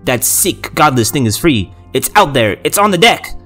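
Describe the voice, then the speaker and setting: A man voicing a timid young male researcher with a high, breathless, frantic voice. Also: big pitch swings, takes it slowly, a bit bright, soft background music, full character voice.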